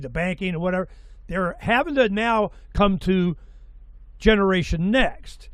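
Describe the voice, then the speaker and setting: A man in his sixties hosting an interview, talking in a rambling, excitable way and swearing freely. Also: high voice, dry recording. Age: 60s. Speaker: host. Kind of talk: casual interview chat.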